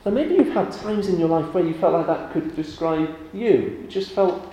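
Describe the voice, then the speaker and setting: A man leading a church service, praying and then giving a lively children's talk with questions. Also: a little high, moderate pace, a little hiss or hum. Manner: animated with children, rising and warm questions. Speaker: pastor. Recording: echoey church room with faint ambience.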